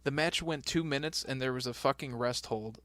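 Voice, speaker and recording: A man's voice: medium pitch, fairly quick, fairly bright tone, no room sound. A man hosting a casual podcast, swearing freely and laughing often. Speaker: podcast host. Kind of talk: casual chat.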